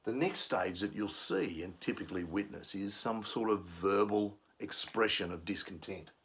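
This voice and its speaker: A man's voice: lowish voice, expressive, normal speed, a bit bright, slight background noise. A man giving a conflict management lesson, explaining steps and acting out angry commuters. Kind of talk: instructional talk.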